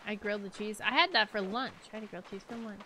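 A woman's voice: medium pitch, fast, bright, forceful tone. Chatty woman streamer, clicks behind. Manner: chatty, talks to herself and chat while playing. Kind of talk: casual live-stream game commentary. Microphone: desk microphone. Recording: clicky background noise.

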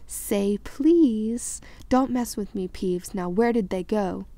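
A woman's voice: mid-range voice, slow, mellow, no echo. A woman voicing a bad-tempered old male caretaker who makes impatient demands. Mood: impatient demanding.

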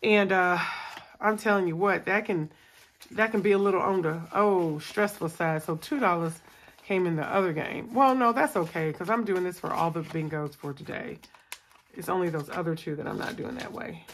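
This budgeting channel host sounds worn out from a long day at work as she plays a savings game at home, talking casually to viewers and counting aloud. She speaks at a moderate pace in a lowish voice, with slight background noise.

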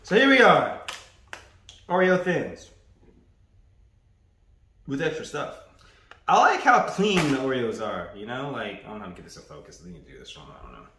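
A man's voice: mid-range voice, very animated, normal speed, long pauses, pushed and bright, slight background noise. A man casually reviewing snacks in a loose, playful vlog manner, repeating himself as he talks. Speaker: food reviewer. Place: indoors, standing. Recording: roomy echo.

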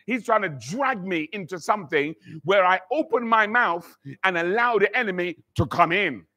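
A man preaches to his church, his voice sitting high in his range. He tells a personal story and acts out the voices in it, repeating words as he builds his point. The tone is bright and forceful. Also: animated, normal speed. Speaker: pastor. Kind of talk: sermon.

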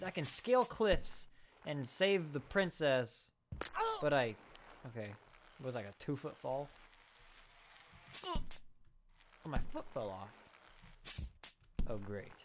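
Slow-talking man joking through a game. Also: a little high, background noise. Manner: jokey, talks to the game, sudden exclamations. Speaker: let's play gamer. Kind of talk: casual gameplay commentary.

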